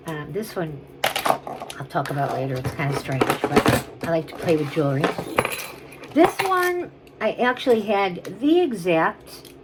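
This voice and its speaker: A woman's voice: lowish voice, darkish tone, a little hiss or hum, rough recording. A woman chatting casually on camera as she shows and sells vintage jewelry, rambling and gushing over each piece. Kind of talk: casual on-camera selling chat.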